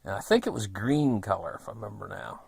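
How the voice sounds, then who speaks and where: A vlogger in his fifties tells a long story from his childhood in a rambling, folksy way, full of fillers. His voice is lowish and a little mellow, with lively intonation, vocal fry and a breathy edge, and he talks quickly with no echo around him.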